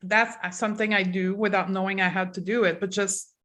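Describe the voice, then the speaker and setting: A woman hosting a podcast panel, steering the talk with direct questions and quick affirmations. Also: mid-range voice, steady tone, a bit bright. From Canada. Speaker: podcast host. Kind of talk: casual panel discussion.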